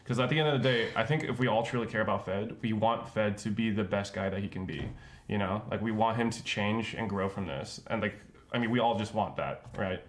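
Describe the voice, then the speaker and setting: A man talking earnestly on a livestream, halting and full of filler words. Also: fairly low pitch. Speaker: streamer. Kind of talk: casual chat.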